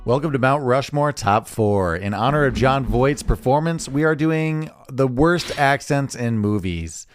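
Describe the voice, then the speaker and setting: An easygoing man hosting a casual podcast, his voice sitting at an ordinary middle pitch. He keeps the chat moving and introduces each segment. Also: animated, unhurried, few pauses, music in the background. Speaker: podcast host.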